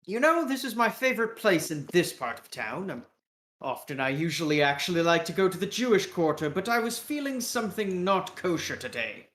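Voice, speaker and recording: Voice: mid-range voice, very animated, brisk, a bit bright, reverberant. A game master voicing a tall, boisterous German businessman with a British accent, jovial and grandly polite.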